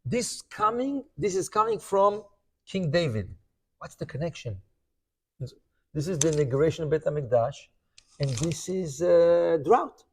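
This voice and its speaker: A man's voice: on the high side, animated, unhurried, long pauses. A man giving a Talmud class as a rabbi, telling the story animatedly, acting out the quoted voices and checking in with "right?".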